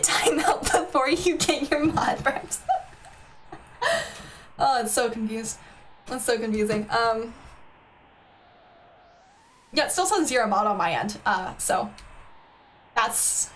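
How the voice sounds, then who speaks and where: A woman's voice: a little high, a bit bright, a little hiss or hum. A young woman streaming a game, chatting casually with her viewers in a playful, teasing way and giggling often. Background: faint game music.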